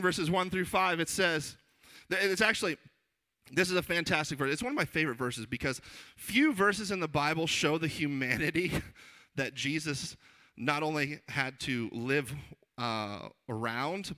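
A man in his thirties, a children's pastor, giving a conversational sermon full of funny stories and acted-out voices. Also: on the high side. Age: 30s. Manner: animated, jokey, acts out quoted voices.

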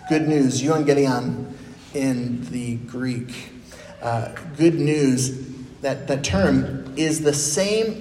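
A man preaching a sermon in a lively, conversational way, acting out quotes with playful energy. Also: a little high. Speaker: pastor. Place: church sanctuary. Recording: echoey church hall with faint noise.

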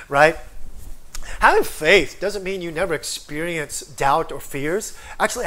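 A man preaching an online sermon with lots of energy, often calling out for an amen and acting out people's inner voices. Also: sits high. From foreigner living in Korea. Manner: energetic, calls for amens, acts out inner voices. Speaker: pastor.

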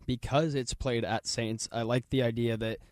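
A man's voice: mid-range voice, fairly even intonation, normal speed, a little mellow, no echo, studio quality. A man giving his pick on a sports radio panel, matter-of-fact.

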